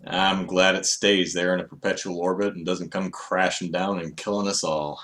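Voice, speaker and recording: A man's voice: low-pitched, level tone, normal speed, a bit bright. A man chatting casually on a live stream, rambling and wry with many fillers. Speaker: vlogger.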